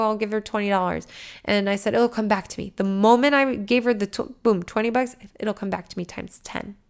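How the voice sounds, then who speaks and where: With a clean, medium-pitched voice, a female podcast host gives a casual and energetic motivational rant. She swears a lot and swings between loud eruptions and quiet asides.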